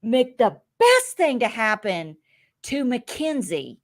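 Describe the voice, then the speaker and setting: A woman chatting on a recap podcast in a lively, swooping voice, her pitch leaping up and down as she talks. She laughs easily and acts out quotes as she goes. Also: slow pace. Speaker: podcast co-host. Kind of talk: casual reality-TV recap chat.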